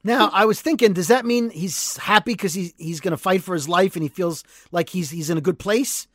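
A man co-hosting a podcast, retelling a TV episode as an animated storyteller who acts out the quotes. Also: high voice, a little fast, no room sound, studio quality. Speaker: podcast co-host. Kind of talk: casual recap chat.

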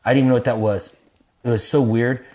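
A man telling stories as an interview guest, animated and profane, acting out the voices of the people he quotes. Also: mid-range voice, quick pace. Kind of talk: casual storytelling in an interview.

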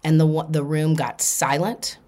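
A woman hosting a podcast, telling a personal story in an animated way and acting out the people in it. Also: low voice, a little slow. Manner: animated, acts out quoted voices. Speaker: podcast host. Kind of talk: storytelling monologue.

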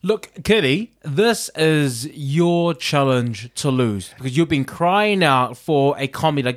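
Lively, fairly high-voiced man chatting. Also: measured pace, few pauses. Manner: animated, laughs often, slips into playful mimicry. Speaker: podcast co-host. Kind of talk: casual chat.

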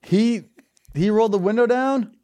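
A man co-hosting a podcast with wry, jokey banter and quick comebacks. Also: sits high, mellow, dry recording. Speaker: podcast co-host. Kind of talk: casual comedic chat.

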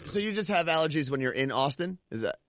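A man's voice: a little high, animated, fast talker, fairly bright tone, dry recording, clean studio sound. A man hosting a casual interview, teasing and wry, sounding congested. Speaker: podcast host.

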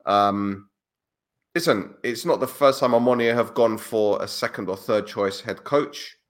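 A man with a fairly low voice, sharing football gossip on a podcast. He sounds laid-back and plain-spoken and gives his opinions bluntly, like a regular pundit among friends. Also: a little slow. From Cyprus. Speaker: podcast co-host, club insider. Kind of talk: casual football chat.

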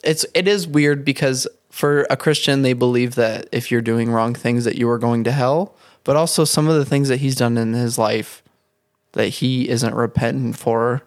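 A man's voice: mid-range voice, normal speed, dry recording, studio quality. A young man talking animatedly in a casual podcast chat, with lots of filler words. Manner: animated, talks in bursts with many fillers.

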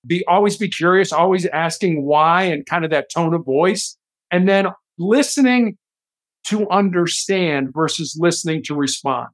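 A man, a guest author and speaker, telling stories earnestly in a conversational interview. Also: sits high. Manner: earnest, explanatory, acts out quoted lines.

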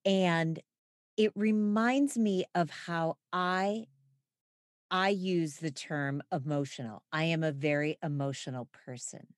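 A woman speaking in an expressive, reflective way in a conversational podcast. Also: low-pitched, takes it slowly, dry recording, studio quality.

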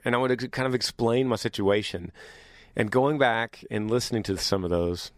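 A man hosting a casual solo podcast in an upbeat, chatty way, his voice deepened by years of singing. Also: moderate pace, no echo, clean studio sound. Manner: upbeat, chatty, teasing his younger self. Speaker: podcast host.

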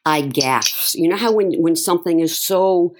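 A middle-aged woman being interviewed tells a personal story in conversation, emotional and halting, restarting often. Her voice is on the low side, with slight background noise.

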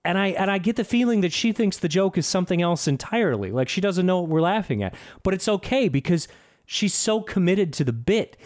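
A man with a slightly raised voice riffs on a movie in a loose podcast chat. His delivery is sarcastic and full of swearing, building into animated rants. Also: sits high, a little fast. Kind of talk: casual movie review chat.

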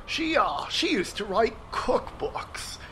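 A man's voice: sits high, big pitch swings, takes it slowly, pushed and bright, a little hiss or hum, heavily acted. A man playing a dry-witted adventurer in a tabletop game, asking sardonic questions. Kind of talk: in-character tabletop role-play.

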